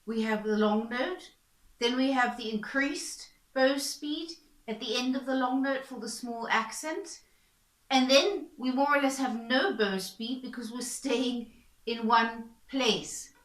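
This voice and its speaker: Woman, violin teacher, bright voice, calm patient step-by-step explanation, echoey room. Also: a little high, a little slow. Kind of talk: instructional explanation. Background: violin playing between explanations.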